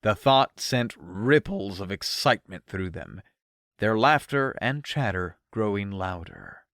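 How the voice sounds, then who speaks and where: A man narrating an audiobook in an expressive first-person storytelling manner, recorded on a close studio mic. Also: fairly low pitch, a little slow, no room sound.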